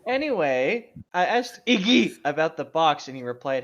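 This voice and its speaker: A man's voice: fairly high pitch, lively intonation, moderate pace, hardly any pauses, a bit bright, muffled recording. Giggly man mumbling through a dramatic reading. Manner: giggly, mumbling, playful voices. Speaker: podcast co-host reading fan fiction aloud. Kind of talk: comedic dramatic reading with banter.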